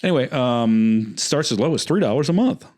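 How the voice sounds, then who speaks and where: A man's voice: mid-range voice, animated, normal speed, darkish tone. A man co-hosting a horror podcast, chatting in a laid-back way and plugging the show with self-mocking asides. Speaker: podcast co-host. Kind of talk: casual chat.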